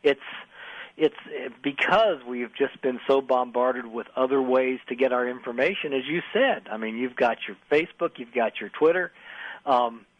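A man's voice: mid-range voice, moderate pace, dry recording. An older man, an author, reminiscing as a guest in a radio interview, telling stories with many restarts. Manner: storytelling, many restarts, acts out voices in anecdotes. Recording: slightly dull radio audio.

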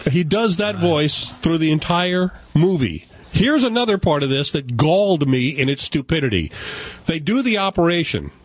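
Animated, sarcastic male film critic. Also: fairly high pitch, normal speed. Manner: animated, sarcastic, jumps into voices. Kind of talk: casual radio chat.

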